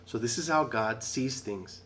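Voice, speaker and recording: A man's voice: medium pitch, a little slow, a bit bright, slight background noise. Conversational middle-aged man teaching the Bible. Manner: conversational, repeats "right?", restarts often. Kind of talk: casual Bible study talk.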